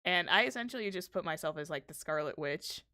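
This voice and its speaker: A woman's voice: sits low, lively intonation, fairly quick, bright, forceful tone. A woman streamer hosting a casual chat while drawing, rambling freely with plenty of restarts. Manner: rambling, chatty. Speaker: streamer host.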